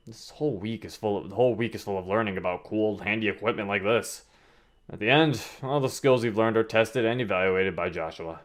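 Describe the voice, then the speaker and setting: Brief: male streamer, narrates the game and reacts loudly with lots of laughter. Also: lowish voice, fairly quick. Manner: animated reactions, frequent laughter. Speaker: streamer reading a game aloud. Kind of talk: live stream reading with reactions.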